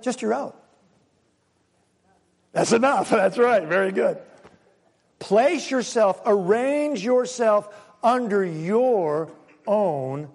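A man preaches with a high, ringing voice. He leans on single words, pauses for effect and drops to a near murmur before building again. The long echo of a church hall trails after every phrase. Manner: emphatic preaching with dramatic pauses, swinging from loud to hushed. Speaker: pastor. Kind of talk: sermon.

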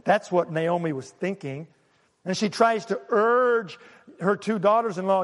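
High-voiced preacher in a reverberant hall. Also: male voice, animated, measured pace. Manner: dramatic preaching, swings from loud to hushed; asks the congregation questions. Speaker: pastor. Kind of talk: sermon.

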